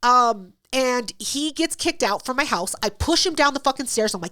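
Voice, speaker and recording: A woman's voice: high voice, animated, normal speed, sharp tone. A woman hosting a podcast, telling a story in casual, profane chat and acting out both sides of it. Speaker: podcast host.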